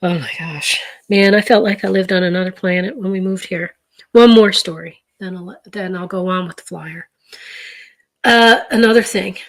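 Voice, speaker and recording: A middle-aged woman from Canada's East Coast talks through her grocery haul in a lowish voice at normal speed. As a vlogger in a casual chat, she drifts into rambling stories packed with fillers and restarts.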